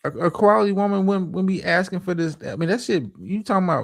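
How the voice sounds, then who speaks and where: A man's voice: high voice, animated, a little fast, creaky, no echo, clean studio sound. A man hosting a livestream, reacting to a clip with profane, stammering, preachy relationship advice. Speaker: streamer host.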